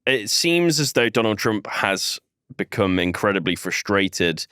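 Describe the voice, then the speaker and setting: A man chats on a podcast in a laid-back, blunt manner, joking and swearing. His voice sits fairly low and sounds smooth and resonant in a dry, close recording. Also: big pitch swings, measured pace, sharp tone, no room sound. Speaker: podcast co-host. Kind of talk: casual political podcast chat.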